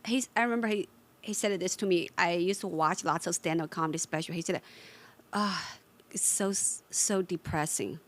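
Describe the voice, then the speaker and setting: Woman comedian with halting phrasing. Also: fairly low pitch. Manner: earnest, halting, non-native phrasing. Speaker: comedian guest. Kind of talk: casual chat.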